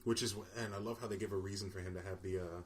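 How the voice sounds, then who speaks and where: A man co-hosting a casual podcast, talking in a relaxed, agreeable way about a film. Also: deep voice, racing, heavy background noise. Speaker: podcast co-host. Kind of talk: casual movie discussion.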